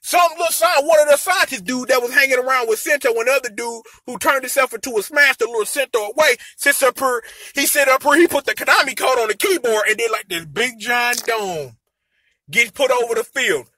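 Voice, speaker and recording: High-voiced, bright, animated man. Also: a little fast, husky, soft background music. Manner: animated, slangy, acts out characters in quoted voices. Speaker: anime and tokusatsu episode reviewer. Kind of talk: casual review rant.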